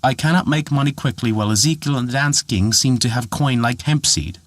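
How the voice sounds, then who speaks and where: A man's voice: medium pitch, brisk, fairly bright tone, no room sound, clean studio sound, natural voice. A man voicing an eager, discontented young charcoal burner who pleads for wishes.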